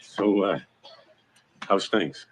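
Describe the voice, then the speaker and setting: An actor playing an affable middle-aged husband who greets people in a chummy, casual way. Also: male voice, sits low, very slow. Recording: dull, noisy old TV audio.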